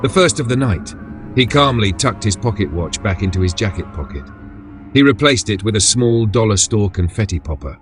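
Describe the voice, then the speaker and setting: A male horror storyteller with a low voice, reading in the first person at a measured pace. Music plays beneath the narration. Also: animated. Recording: background music under voice.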